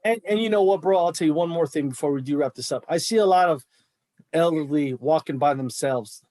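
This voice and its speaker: A man's voice: on the high side, a little fast, darkish tone, dry recording. A middle-aged man, a martial arts coach, talking in a fired-up, emphatic way on a podcast. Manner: fired-up, emphatic, says bro a lot. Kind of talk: casual podcast chat.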